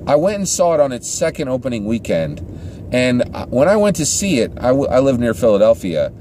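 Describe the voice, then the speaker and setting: A man's voice: mid-range voice, sing-song, a little fast, mellow, slight background noise. A man giving a casual, rambling movie review, often restarting sentences and checking in with the listener. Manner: rambling, restarts sentences, keeps asking "right?". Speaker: film reviewer.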